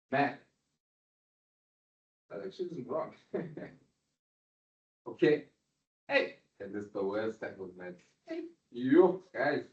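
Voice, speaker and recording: A man giving a university lecture, often asking students if they follow. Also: medium pitch. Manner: questioning, checks understanding often. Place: lecture room. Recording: roomy, dull lecture-hall recording.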